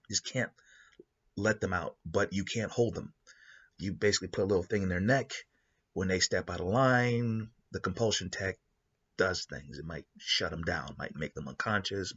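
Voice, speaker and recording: Husky-voiced man pitching a story idea. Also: highs cut off. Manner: rambling, animated, with many restarts. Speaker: host. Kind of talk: casual spoken storytelling.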